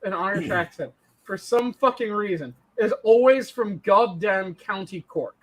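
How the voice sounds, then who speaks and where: This is a man with a notably high voice, chatting casually with a co-host. He acts on stage and tells his stories with emphatic energy. Swearing comes naturally to him as he makes his points. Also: normal speed. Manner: emphatic, profane storytelling. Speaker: podcast co-host and stage actor. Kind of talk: casual online chat.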